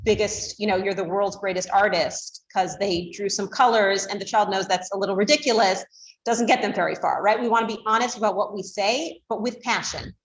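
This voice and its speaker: A woman teacher lectures to a small class in an echoing room, her voice sitting at an ordinary middle pitch. She explains conversationally, full of fillers and restarts, and now and then acts out the tones parents use. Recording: roomy echo.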